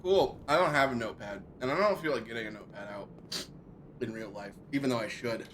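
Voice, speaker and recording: This male streamer talks quickly in a medium-pitched, slightly bright voice, with a faint hiss or hum on the recording. Hot sauce has his mouth burning and eyes watering, so his live game stream chat is full of groans, yelps and repetition.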